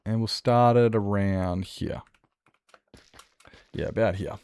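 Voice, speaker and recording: A man's voice: lowish voice, fairly even intonation, slow pace, a little mellow, clean tone, no echo. Joking Australian man on a dry mic. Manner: joking, self-mocking banter with chat. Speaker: streamer. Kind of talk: casual gaming stream chat.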